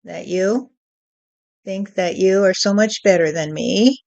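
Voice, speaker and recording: A woman delivers a channeled spiritual message at a very slow, deliberate pace, tucking in "you see" as she goes. Her voice sits at an ordinary middle pitch. The recording is dull and lo-fi. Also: creaky, darkish tone.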